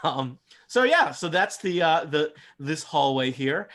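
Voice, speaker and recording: A man's voice: fairly high pitch, lively intonation, measured pace, a bit bright. A man running a tabletop game as game master, describing scenes in a loose, rambling way full of fillers. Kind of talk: narrating a tabletop game, casual.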